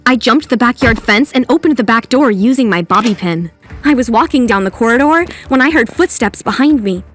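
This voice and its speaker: A woman narrating in the first person as a brave, sarcastic teenage schoolgirl in an animated story. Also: fairly high pitch, fairly quick, faint music behind, close to an everyday voice. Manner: sarcastic, determined.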